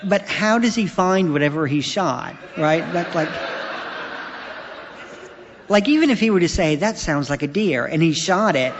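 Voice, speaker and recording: A middle-aged man telling wry anecdotes as a guest speaker on a festival stage, halting with fillers. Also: high voice, lively intonation, noisy background. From United States. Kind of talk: stage talk at a writers festival. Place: large hall on stage. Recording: dull lo-fi audio with long hall reverb.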